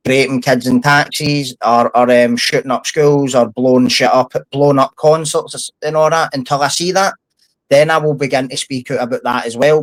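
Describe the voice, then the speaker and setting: A man's voice: medium pitch, no echo, rough recording. A middle-aged Scottish man, a former prisoner, talking bluntly and heatedly with lots of swearing in a casual podcast chat. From Scotland.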